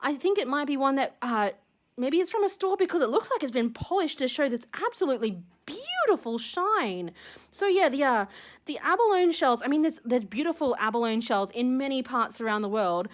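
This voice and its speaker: Gushing woman, high and lively. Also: a little fast. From Australia. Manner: gushing, excitable, rambling with many fillers. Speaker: shell-collecting vlogger. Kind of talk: casual unboxing vlog.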